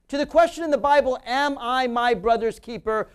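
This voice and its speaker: A man's voice: extremely high pitch, a little fast, few pauses, loud music behind the voice. A man hosting a political talk radio show, delivering an emphatic, argumentative monologue that mocks his opponents.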